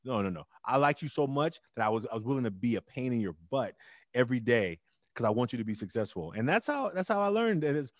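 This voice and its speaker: A middle-aged man telling his story as an interview guest, emphatic and animated with loud bursts. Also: medium pitch, quick pace, no echo, studio quality. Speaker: interview guest, teacher and club founder.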